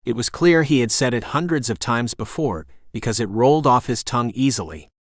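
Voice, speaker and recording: A man narrating an audiobook in a steady, even reading voice, close to the mic. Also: mid-range voice, a little fast, no echo. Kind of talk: scripted narration.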